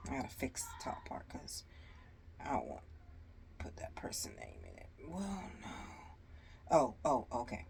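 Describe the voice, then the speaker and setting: A woman's voice: extremely low pitch, huge pitch swings, unhurried, creaky, pauses often, whispered. A woman telling a storytime to her viewers in a casual, exasperated way, sighing often. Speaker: storyteller vlogger.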